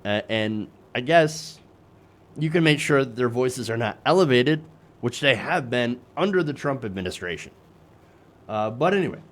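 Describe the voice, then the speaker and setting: A man's voice: mid-range voice, lively intonation, moderate pace, fairly bright tone. A man hosting a political commentary show, sarcastic and self-correcting, with many fillers.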